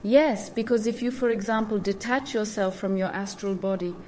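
A woman's voice: mid-range voice, moderate pace, darkish tone. A woman hosting a spiritual channel, explaining things in a casual monologue with emphatic repetition and awkward phrasing.

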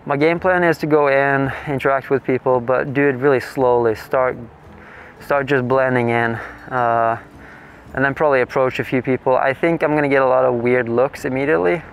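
A man's voice: mid-range voice, steady tone, moderate pace, a little hiss or hum. A man in his thirties from Norway, talking casually to the camera in a vlog, nervous and self-mocking as he jokes about his plan. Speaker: vlogger. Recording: music playing underneath.

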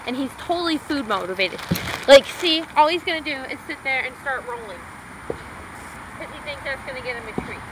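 A woman's voice: high voice, normal speed, noisy background. A young woman in a casual home vlog, chatting to the camera while she trains her dog, with short firm commands and sing-song praise.

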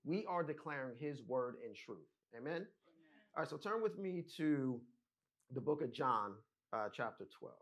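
A man's voice: fairly high pitch, very animated, moderate pace. A man preaching a teaching sermon, explaining scripture step by step and often checking in with "right?" and "amen?". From United States. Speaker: pastor.

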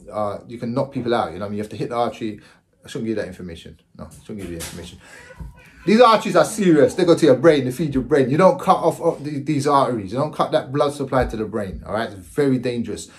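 A man in his forties casually telling his own story to camera, repeating himself and often checking in with the listener. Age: 40s. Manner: animated, jumps into high exclaiming voices. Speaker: vlogger.

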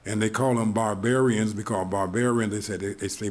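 A man preaching a sermon, retelling stories in an animated way, chuckling often and restarting his sentences. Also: lowish voice, a little fast, few pauses. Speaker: pastor.

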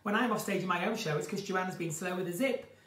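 A woman's voice: on the low side, fast talker, fairly bright tone. A woman hosting a casual live chat from home, reading out viewer questions and answering them in a chatty, theatrical way. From northern England. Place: at home, room with a window to her garden. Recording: roomy, distant home stream audio.

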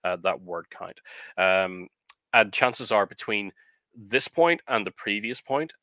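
A man co-hosting a casual talk on editing fiction, explaining at a measured pace with frequent ums and uhs. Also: fairly low pitch, animated, pushed and bright, no room sound. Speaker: co-host of a writing advice show.

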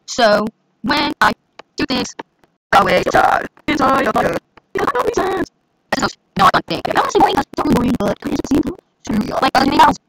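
Young woman, hoarse throat, casual gameplay chatter, lively sing-song pitch, slightly high voice. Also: brisk, heavy background noise. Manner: chatty and excitable, lots of fillers. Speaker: gaming channel host.

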